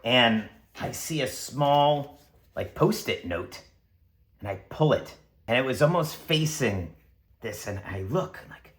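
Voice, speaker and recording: A man narrating his solo tabletop game, excitable and acting scenes out with sound effects and shouted lines. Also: mid-range voice, a little slow. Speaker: game master and solo player.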